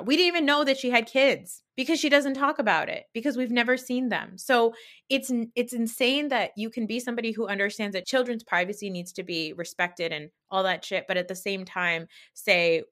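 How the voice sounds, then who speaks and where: Opinionated woman recapping reality TV. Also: fairly high pitch. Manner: opinionated, sarcastic, animated storytelling with mocking quoted voices. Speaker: podcast host. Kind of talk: solo reality TV recap podcast.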